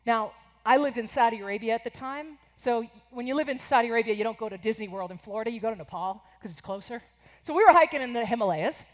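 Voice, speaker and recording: Woman, forties, from the US, motivational keynote, energetic, higher voice, echoing hall. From United States. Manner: energetic, animated storyteller. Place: large conference hall.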